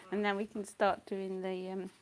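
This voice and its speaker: A middle-aged woman, chatting casually and rambling while she paints, often slipping into soft whispers. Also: medium pitch, little pitch movement, a little slow, slight background noise. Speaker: painting channel host.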